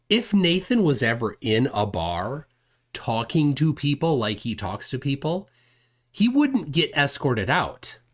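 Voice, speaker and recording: Male stream host, lively indignant commentary, tag questions. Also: mid-range voice. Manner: indignant, reads chat aloud, frequent "right?". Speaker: livestream host. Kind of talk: casual commentary on a clip.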